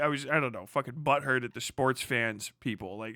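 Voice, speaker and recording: A man hosting a livestream, ranting casually in a profane, rambling way and mimicking people in quick put-on voices. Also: mid-range voice, pushed and bright, no room sound, clean studio sound. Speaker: livestream host. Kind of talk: casual rant.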